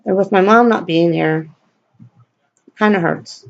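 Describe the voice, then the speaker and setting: A woman's voice: lowish voice, a little slow, creaky, dull audio. A woman vlogger telling a personal story in a blunt, profane, rambling way.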